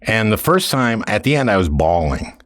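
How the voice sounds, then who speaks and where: A man hosting a casual interview in a wry, halting way, with frequent restarts. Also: lowish voice, big pitch swings, fairly bright tone, no room sound, studio quality. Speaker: podcast host.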